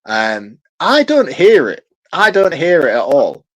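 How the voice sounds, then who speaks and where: A man's voice: fairly high pitch, huge pitch swings, takes it slowly, dry recording. A man with a Yorkshire accent co-hosting a film podcast, chatting loosely, swearing casually and laughing often. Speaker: podcast co-host. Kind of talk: casual film review chat.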